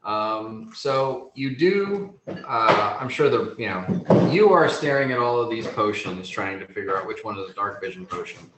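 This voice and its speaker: Unhurried male game master, slow and meandering, echoey room with faint noise. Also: on the low side, expressive. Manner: unhurried, full of ums and you-knows. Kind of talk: improvised tabletop game narration.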